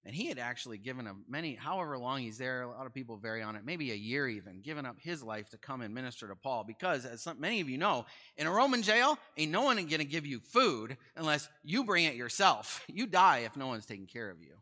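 A young man teaching a Bible study in a conversational, animated way, asking his listeners questions. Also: medium pitch, fast talker, hardly any pauses.

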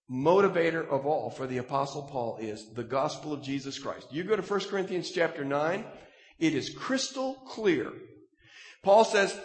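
A man preaching a sermon in an animated, emphatic way, his voice climbing at the peaks. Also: on the high side. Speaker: pastor. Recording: echoey hall, reverberant room.

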